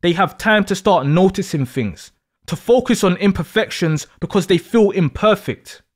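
A man with a high voice explains astrology in an emphatic, deliberate monologue. His pitch rises and falls widely as he talks. He is the host of his own video. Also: lively intonation.

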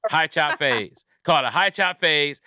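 A man's voice: a little high, lively intonation, normal speed, pushed and bright, no room sound, clean studio sound. A man hosting a comedy podcast, riffing in casual profane chat and acting out little scenes.

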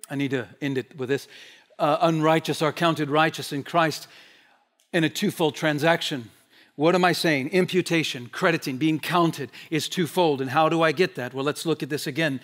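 A man giving a sermon as pastor, moving from loud, driving emphasis to quiet, hushed asides. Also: a little high. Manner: impassioned preaching, swinging between loud emphasis and quiet asides. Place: church sanctuary.

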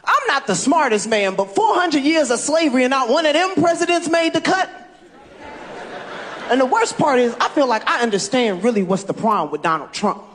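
A man in his thirties doing a stand-up set, shouting jokes to a crowd. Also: very high voice, expressive, brisk. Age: 30s. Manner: loud, jokey, shouting to a crowd. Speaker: stand-up comedian. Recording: archive stage clip with crowd. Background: audience crowd.

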